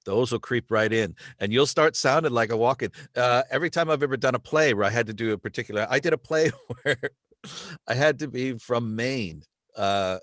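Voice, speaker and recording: A man's voice: mid-range voice, a little fast, fairly bright tone, no echo, clean studio sound. A man hosting a podcast, talking in a rambling way with many restarts. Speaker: podcast host. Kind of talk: casual podcast chat.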